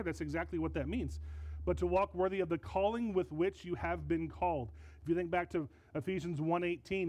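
A male pastor delivering a sermon with a slightly high but warm, mellow voice. He teaches earnestly and stresses his points, often doubling back on a word. He speaks into a microphone in a church. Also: rough recording. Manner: earnest, emphatic teaching with repeated words. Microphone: handheld or stand mic.

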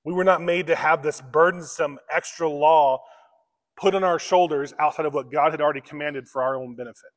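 A man's voice: on the high side, a little fast. Preaching man in a reverberant church. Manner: earnest, conversational preaching with restarts. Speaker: pastor. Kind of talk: sermon. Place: church sanctuary. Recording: long hall reverb.

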